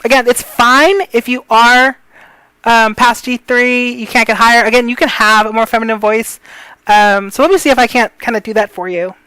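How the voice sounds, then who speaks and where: A woman teaching breathing and pitch exercises in a casual, rambling way, with many fillers and apologies. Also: fairly even intonation, moderate pace, sharp tone, clear, resonant tone, dry recording, low-quality recording. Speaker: voice coach. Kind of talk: casual tutorial.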